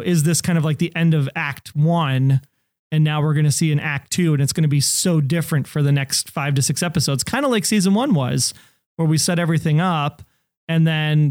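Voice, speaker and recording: A man's voice: fairly high pitch, a little mellow, dry recording, clean studio sound. A man co-hosting a podcast in casual chat. He is talkative and laughs easily. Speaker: podcast co-host.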